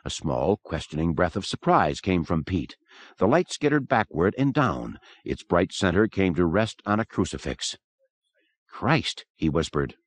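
A man narrating a horror audiobook in an expressive, dramatic manner. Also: low-pitched, moderate pace, no echo. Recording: dry close recording.

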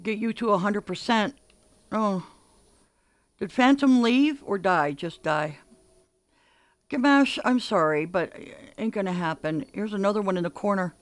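An older woman livestreaming a game, chatting excitedly and calling out orders to her teammates. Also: mid-range voice, unhurried, long pauses, no echo. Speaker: gaming streamer. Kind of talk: live gameplay commentary.

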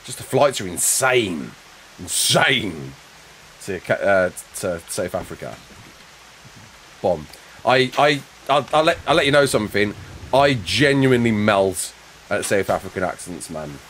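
Young dude streaming a game, chats with viewers, lots of laughing and restarts, pitch bouncing all over. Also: male voice, big pitch swings, a bit bright, slight background noise. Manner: chatty, quick to laugh, answers chat, trails off in restarts. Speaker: live streamer. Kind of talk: casual chat while playing a game live.

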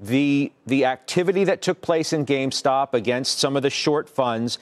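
A man in a broadcast clip asking an interview question in a measured, slightly halting way. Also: mid-range voice.

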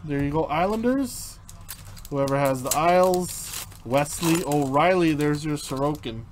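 A man with a slightly high voice hosts a live card break. He talks at an unhurried pace, calls out player names and chats with viewers, with faint noise in the background. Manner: reads out player names while opening packs, chatting with viewers. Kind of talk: live card-opening commentary.

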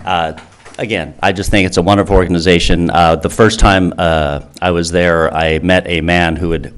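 A man who founded a charity, speaking earnestly to a town council with many fillers and restarts. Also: deep voice. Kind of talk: public comment speech.

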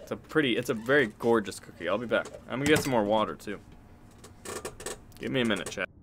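An excitable male streamer commentating his gameplay live, joking and swearing as he talks to chat. His pitch jumps around a lot, and steady background noise sits under his stream mic. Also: fast talker. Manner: excitable, joking, swears freely, chats to viewers. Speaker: game streamer.

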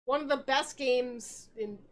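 A tipsy young woman co-hosting a comedy podcast, her voice sitting high and bright as she rambles through a story. She talks in animated bursts, swears freely and keeps breaking into laughter. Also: a little slow. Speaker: podcast co-host. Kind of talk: comedic podcast chat, retelling a game plot.

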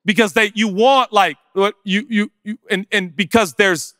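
Animated preacher man in a big hall. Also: high voice, clean studio sound. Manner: animated preacher, rapid rhetorical questions, conversational asides. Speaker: pastor. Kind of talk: sermon.

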